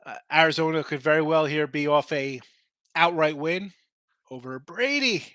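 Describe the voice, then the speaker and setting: Tired, bright-voiced man chatting betting lines. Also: on the high side, normal speed, dry recording. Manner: casual, rambling, talks to chat viewers. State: tired, losing his voice. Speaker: sports betting show host. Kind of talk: live-streamed betting picks chat.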